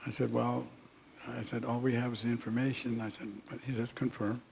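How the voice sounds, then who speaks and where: Gravelly older man telling a story slowly. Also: mid-range voice, flat delivery, darkish tone, a little hiss or hum. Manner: unhurried, halting storytelling with many pauses and fillers. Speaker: speaker at an honoring event. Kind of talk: recounting a personal story in a speech.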